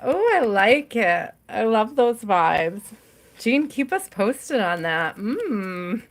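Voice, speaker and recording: Slow-talking woman giving live tarot readings. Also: medium pitch, very animated. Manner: chatty, laughs often, talks to viewers by name. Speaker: tarot reader hosting a live stream.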